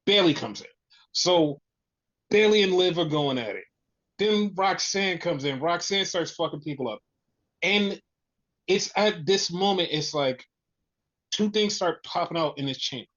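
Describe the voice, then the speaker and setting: A man co-hosting a casual wrestling review podcast, telling the story excitedly, with lots of swearing and repetition. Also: high-pitched, measured pace, long pauses, dull audio. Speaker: podcast co-host.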